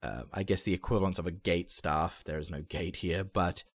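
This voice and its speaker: A man's voice: sits low, steady tone, moderate pace, dry recording. A man narrating a tabletop role-playing game as game master, describing scenes vividly with some hesitant restarts.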